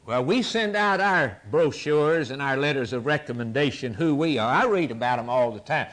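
A man preaching with fervor, his pitch climbing and falling all over the place. He repeats phrases in a driving rhythm, lifting to near-shouts and then sinking to a whisper. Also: lively intonation, normal speed. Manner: impassioned, rising to near-shouts and dropping to whispers; repetitive, rhythmic preaching cadence. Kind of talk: sermon.

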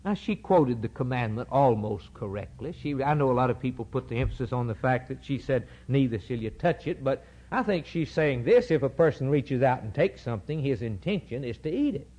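A man's voice: mid-range voice, expressive, fairly quick, hardly any pauses, warm tone, husky. A man preaching a sermon that explains Scripture, emphatic and repetitive, firing rhetorical questions. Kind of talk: sermon, Bible exposition. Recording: dull lo-fi recording.

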